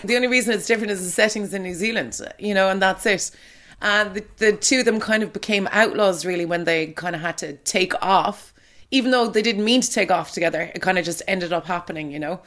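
A woman's voice: mid-range voice, fairly quick, a bit bright. Chatty Irish woman talking films. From Ireland. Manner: chatty, opinionated, frequent fillers. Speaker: radio presenter, guest. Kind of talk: casual chat about a film.

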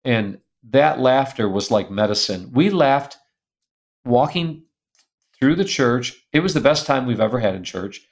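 An older man with a gravelly, fry-edged voice speaks as an interview guest. He tells a family story in an animated, self-mocking way, breaking into laughter and reading old letters aloud in a mid-range voice. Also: mid-range voice, a little slow.

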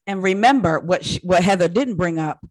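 A woman's voice: on the low side, fairly quick. A woman co-hosting a casual chat, laughing often and egging her friend on. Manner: lively, laughs often, eggs her partner on.

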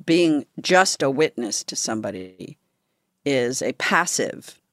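A woman with a low voice hosts a conversational podcast. She speaks in a reflective, measured way and laughs easily. The sound is close and dry, with no room around it. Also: animated, no room sound. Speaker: podcast host.

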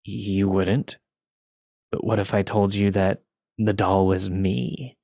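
A man doing a slow, slurred, creepy stranger. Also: deep voice, gravelly, no echo, clean studio sound, heavily acted. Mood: eerie. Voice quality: slow slurred speech, childlike phrasing. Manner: eerily calm and unaffected.

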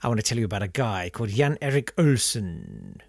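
A man's voice: fairly low pitch, brisk, creaky, dry recording, studio quality. A man co-hosting a comedy podcast, telling a history story with jokes and laughter. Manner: animated, laughing, jokey put-on voices.

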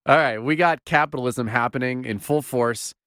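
A man's voice: mid-range voice, moderate pace, a bit bright, no room sound. A man co-hosting a podcast, trading wry, dry-humored banter in a casual chat. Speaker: podcast co-host.

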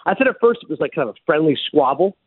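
Sports talk host, man, quick lively delivery, husky, tinny phone-like sound. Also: on the high side, no echo. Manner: animated storyteller, laughs often. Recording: muffled phone-like broadcast sound.

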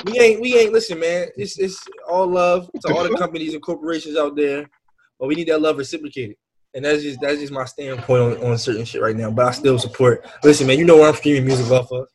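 A man's voice: a little high, fast talker, noisy background. A man hosting a podcast in casual, slangy chat, often repeating himself. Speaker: podcast host.

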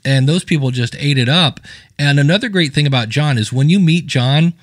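Dry-voiced man telling lively stories. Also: on the high side, fairly quick, dry recording. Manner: storytelling, acting out quoted people in anecdotes. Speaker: podcasting coach and guest. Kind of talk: casual interview chat.

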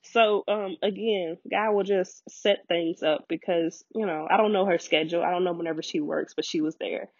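A woman with a husky, breathy voice tells a personal story on her podcast, close and dry on the mic. She jumps her pitch up to act out the people she quotes and is near tears at moments. The sound is a bit dull and lo-fi. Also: normal speed, hardly any pauses, no echo. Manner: animated storyteller, acts out quoted voices with big pitch jumps, laughs often. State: emotional, near tears at times. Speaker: podcast host.

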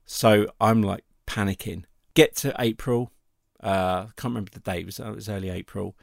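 A middle-aged man telling a personal story in a casual, animated way, acting out the voices he quotes. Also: fairly low pitch, normal speed, gravelly, dry recording, clean studio sound.

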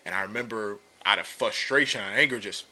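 A young adult man co-hosting a podcast, telling a personal story in a relaxed, conversational way with many fillers, and building energy when he makes his point. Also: fairly low pitch, fairly quick, background noise. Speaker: podcast co-host and business coach. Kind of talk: casual podcast talk.

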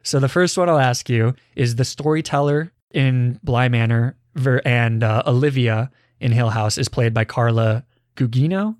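A man in his twenties hosts a podcast, casually running a quiz game with his co-host. His mid-range voice moves at a normal speed, and the recording is dry and studio-clean.

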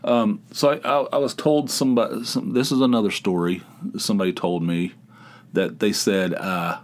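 A man's voice: on the low side, steady tone, moderate pace. Rambling incredulous male podcast host. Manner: rambling, incredulous anecdote-telling. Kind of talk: solo comedic storytelling.

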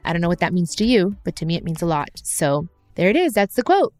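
Hosting her own podcast, a woman speaks quickly and very animatedly in a low, darkish voice, sharing heartfelt, reflective thoughts and now and then dropping in Spanish phrases. Faint music plays behind her.

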